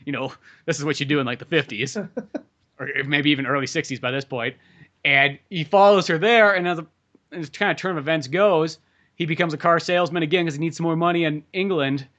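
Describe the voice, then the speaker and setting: Male podcast host, quick and sharp-toned, loose and profane, acts out quotes; dull lo-fi sound. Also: fairly high pitch. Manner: rambling, swears a lot, acts out quotes. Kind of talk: casual chat.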